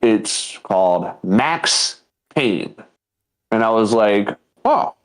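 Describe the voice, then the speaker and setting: Animated storytelling man in his thirties. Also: fairly low pitch, drawn-out words, clear, resonant tone. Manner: animated storyteller who acts out quotes and laughs often. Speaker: podcast co-host. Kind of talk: casual comedic chat.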